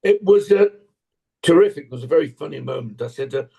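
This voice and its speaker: Older man from England, husky voice, wide swinging pitch, playful anecdotes, home recording. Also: brisk, dull audio. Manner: animated storytelling, playful. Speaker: actor, guest. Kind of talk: casual interview chat. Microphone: home recording setup.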